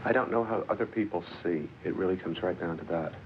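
American guy in his 40s, film director, super low voice, kinda muffled old tv sound. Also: fast. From United States. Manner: thoughtful, circling phrases and restarting often. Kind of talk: reflective interview answers. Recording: dull 1970s TV broadcast audio, faint hiss.

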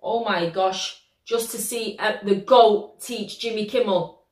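A British woman hosting a reaction video, talking in an excitable, slangy way and laughing easily. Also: medium pitch, echoey room. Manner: slangy, animated, quick to laugh. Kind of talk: excitable casual reaction commentary.

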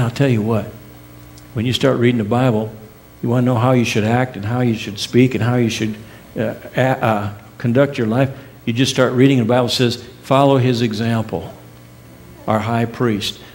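A middle-aged male pastor preaching a sermon in earnest, with emphatic rising peaks, soft drops and casual folksy asides. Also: medium pitch. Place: church sanctuary.

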